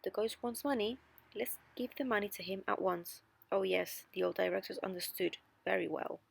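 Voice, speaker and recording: A woman's voice: medium pitch, normal speed, gravelly, husky. A woman voicing a fearless, mocking old female doorkeeper in a storybook reading. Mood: knowing. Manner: mocking, knowing.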